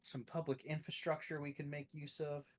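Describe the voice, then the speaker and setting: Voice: medium pitch, flat delivery, moderate pace, noisy background. A player in a tabletop game who talks casually and jokes. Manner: casual, joking.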